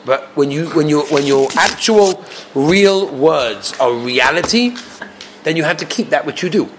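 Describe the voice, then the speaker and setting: A man's voice: on the high side, animated, measured pace, background noise. A man giving a storytelling Torah class, acting out the voices of the people in his stories and asking his listeners frequent rhetorical questions. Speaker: rabbi teaching a class.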